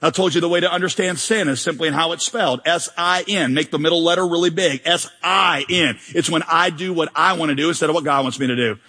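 Pastor guy preaching, high husky voice, jokey and animated, big hall echo. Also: fast talker, few pauses. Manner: animated, joking, acts out mock prayers. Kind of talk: sermon. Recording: long hall reverb.

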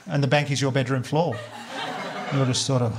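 A man with an Australian accent doing a stand-up comedy set live, telling animated stories and acting out the characters, with plenty of swearing. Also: medium pitch, normal speed, loud music behind the voice.

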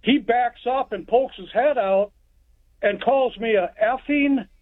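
A man's voice: very high-pitched, takes it slowly, dry recording. A man calling in from Texas, telling a story in a plainspoken, rambling way. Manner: plainspoken, rambling narration with restarts. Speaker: caller. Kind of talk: phone-in storytelling. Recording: tinny phone line.

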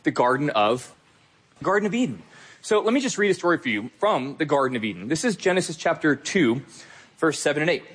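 A young adult male pastor delivers a sermon in an earnest, emphatic way, speaking right to his listeners. His voice sits fairly high and has a husky grain. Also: big pitch swings, brisk, fairly bright tone.

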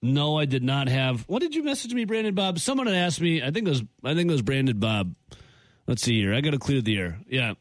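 A man hosting a morning radio show, telling an airport story with animated, incredulous asides. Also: mid-range voice, fairly quick, dry recording, studio quality. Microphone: studio microphone.

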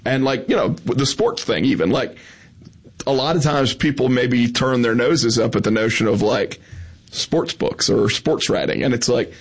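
A man with a slightly husky voice hosts a relaxed conversation. He asks thoughtful, probing questions at an easy pace. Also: medium pitch, normal speed. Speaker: podcast host. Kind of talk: casual chat.

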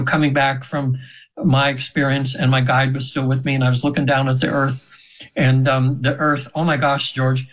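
This radio guest, a man in his 70s, has a mid-range voice captured on poor audio. Chatting casually in an interview, he wanders through a lengthy personal tale, often restarting and leaning on fillers.

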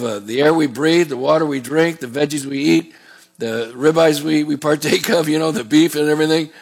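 A middle-aged man preaching a sermon as a pastor, in a conversational way with rambling asides. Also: fairly high pitch.

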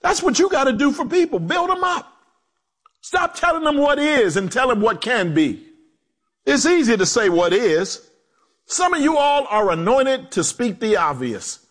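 A male pastor preaching a sermon, animated, acting out quotes in low voices and joking with the congregation. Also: measured pace. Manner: animated preaching with swooping pitch and dramatic drops.

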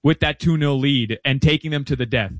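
A man's voice: medium pitch, no room sound. Fired-up man talking soccer bets. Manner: chatty and animated, fast asides. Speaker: soccer betting guest analyst. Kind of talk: casual interview chat.

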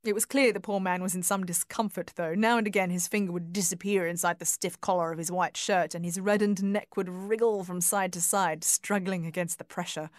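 Dry, measured woman narrator. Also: fairly low pitch, steady tone, no room sound. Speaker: audiobook narrator. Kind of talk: scripted narration.

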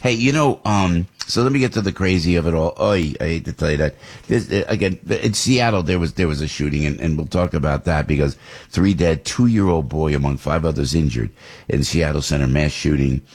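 A man's voice: very deep voice, brisk, a little mellow, breathy edge. A man from New Jersey hosting a talk radio show, delivering a rambling, indignant political monologue.

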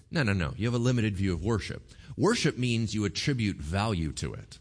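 A male pastor preaching a sermon in a lively, jokey, conversational way. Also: fairly low pitch, brisk.

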